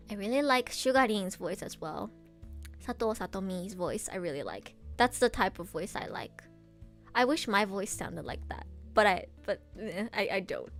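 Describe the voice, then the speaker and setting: Gushing, excitable young woman streamer. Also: fairly high pitch. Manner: gushing, excitable fan talk with frequent laughs. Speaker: voice actress and streamer. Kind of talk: casual chat stream.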